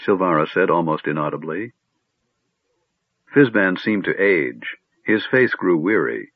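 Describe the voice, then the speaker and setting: Male audiobook narrator, expressive, lively delivery, dry narrow recording. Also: sits low, measured pace, vocal fry, dry recording. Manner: expressive storytelling. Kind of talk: scripted narration. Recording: narrow phone-like sound, dry.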